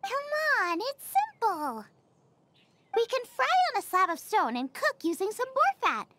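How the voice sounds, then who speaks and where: Game role: peppy young chef, very high, lively, eager, game music behind. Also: female voice, unhurried, background noise, heavily acted. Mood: instructive. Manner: eager, bubbly, rambles about recipes. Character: cheerful young woman chef, food-obsessed. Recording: game audio with background music.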